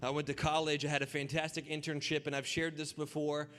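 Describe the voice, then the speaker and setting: A young man, a pastor, telling his own story in an animated sermon that rises into a preaching cry. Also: a little high, brisk, long reverb tail. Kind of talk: sermon testimony.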